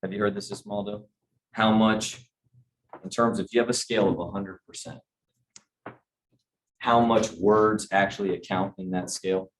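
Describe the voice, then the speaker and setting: A man's voice: fairly low pitch, steady tone, moderate pace, pauses often, slight background noise. Chatty man teaching a sales class. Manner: conversational, asks the audience questions. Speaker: sales trainer. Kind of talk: training talk to a group.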